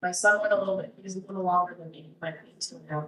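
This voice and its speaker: A woman's voice: fairly low pitch, steady tone, rapid-fire, a bit bright. A woman guest telling her own story in a casual interview, rambling with frequent restarts. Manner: rambling, with many restarts and fillers. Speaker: guest, cancer survivor. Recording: roomy, distant mic.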